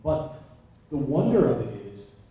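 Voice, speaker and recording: Emphatic man with a warm voice, echoey hall. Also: medium pitch, sing-song, far from the mic. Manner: fast, emphatic, full of "you know". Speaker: panelist. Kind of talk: casual panel talk.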